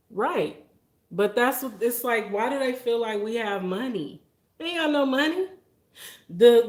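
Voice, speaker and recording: A woman vlogger chatting casually to her viewers, emphatic and exasperated, laughing often. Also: medium pitch. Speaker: vlogger host. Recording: echoey room.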